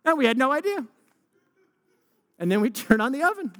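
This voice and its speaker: Guy preaching, high voice, really animated, lots of questions to the crowd, echoey big hall sound. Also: fairly quick. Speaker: pastor. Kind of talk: sermon.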